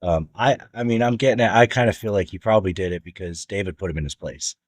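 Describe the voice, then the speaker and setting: A man with a low voice talks through scripture in a relaxed, chatty way. The sound is dry and close. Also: quick pace, no room sound. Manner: relaxed, conversational. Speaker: study group member. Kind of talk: casual Bible study discussion. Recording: dry, cleaned-up audio.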